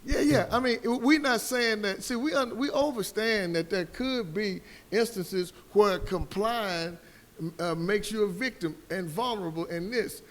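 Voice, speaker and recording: A man's voice: high-pitched, a little slow, a bit bright. A man on a discussion panel, telling stories and making his point in an emphatic, preacherly way. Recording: hall reverb with faint background noise.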